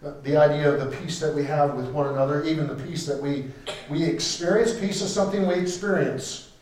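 Guy preaching a sermon, kinda high voice, super echoey room, mic far away, repeats stuff for emphasis. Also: fairly even intonation, fairly quick. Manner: emphatic, repeats key phrases for stress; switches between loud declarations and quiet asides. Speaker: pastor.

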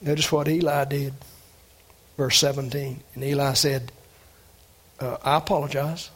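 A man's voice: flat delivery, a little slow, a bit bright. A man pastor preaching a sermon in a conversational way, restarting phrases and lifting his voice on key words. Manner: conversational preaching, rising pitch on emphasis, frequent restarts.

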